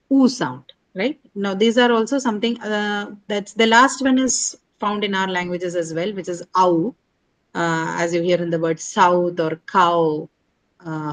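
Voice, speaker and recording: A woman's voice: mid-range voice, low-quality recording. A woman teaching an English pronunciation lesson, spelling words out letter by letter and checking in with "right?" after each point. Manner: explains patiently, asks "right?" after most points. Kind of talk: online phonetics lesson.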